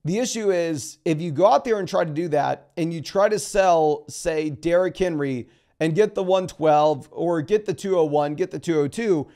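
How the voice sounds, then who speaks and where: A man giving a casual solo breakdown of dynasty fantasy football, talking through trade advice with quick restarts. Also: a little high, warm tone. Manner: fast, conversational, restarts sentences.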